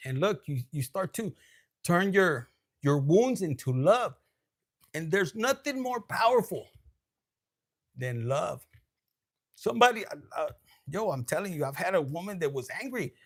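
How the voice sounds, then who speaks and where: Profane high-voiced man giving a loose tarot reading. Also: lively intonation, a little slow, long pauses. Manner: loose, profane, streetwise, mixing Spanish slang; laughs often, switches between loud and hushed. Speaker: tarot reader. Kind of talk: casual tarot reading monologue.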